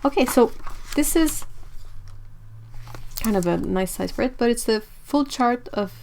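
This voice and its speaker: A woman hosting a live-streamed art supply unboxing, excitable and chatty, talking to her viewers as she goes. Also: fairly high pitch, a little slow, creaky, slight background noise. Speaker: art channel host.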